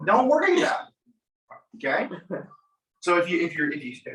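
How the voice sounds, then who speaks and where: A man who is an attorney, coaching a class on mock trial in an animated way, acting out courtroom exchanges. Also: on the high side, fast, long pauses, a little hiss or hum. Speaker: attorney, guest speaker. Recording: echoey room, mic from far off.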